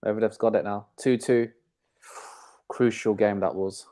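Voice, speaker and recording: Low-voiced man chiming in on tennis. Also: fairly even intonation, a little slow, dark tone. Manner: short reactive interjections. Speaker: co-commentator on live stream. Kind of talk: casual live commentary.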